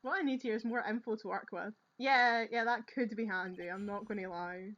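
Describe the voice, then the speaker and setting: A woman's voice: medium pitch, moderate pace, a bit bright, lo-fi sound. A woman with a Scottish accent giving chatty, sweary commentary on a game she is playing. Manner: chatty, swearing, laughing asides. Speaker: game streamer. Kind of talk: casual playthrough commentary.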